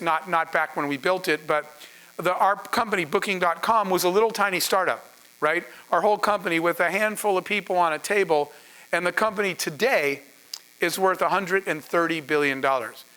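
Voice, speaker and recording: Founder guy telling a story to a crowd, pretty high voice, talks like he's chatting with them. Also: moderate pace, sharp tone, smooth. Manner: earnest, conversational, with asides to the audience. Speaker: startup founder speaking on a panel. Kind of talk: storytelling talk to an audience.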